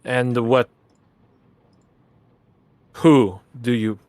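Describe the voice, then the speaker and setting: A man's voice: medium pitch, fairly even intonation, drawn-out words, a little mellow, dry recording. A man voicing a wary woman warrior who has just woken from a coma and answers curtly and suspiciously. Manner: guarded, curt and suspicious.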